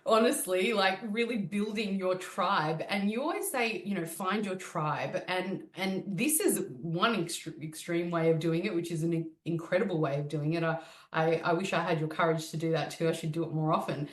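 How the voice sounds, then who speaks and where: A woman's voice: on the low side, normal speed, hardly any pauses, echoey room. A woman hosting a podcast who sets up her questions with encouraging remarks and bits of brain science. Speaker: podcast host. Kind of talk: interview questions.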